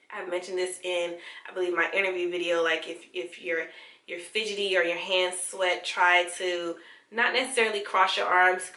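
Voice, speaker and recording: A woman's voice: on the low side, sharp tone. A young woman giving casual, encouraging advice straight to the camera, talking conversationally with fillers and restarts. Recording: echoey room.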